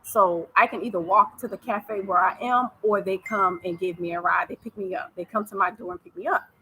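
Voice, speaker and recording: A woman's voice: mid-range voice, a little fast, sharp tone, slight background noise, rough recording. An American woman giving casual advice in a vlog, chatty and repetitive, laughing easily. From United States. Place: living abroad in East Africa.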